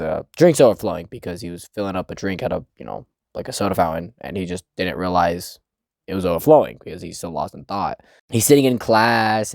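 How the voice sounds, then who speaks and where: A man's voice: on the low side, a little mellow, no echo, studio quality. A man giving a casual, rambling chapter review, swearing often and laughing. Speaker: manga reviewer.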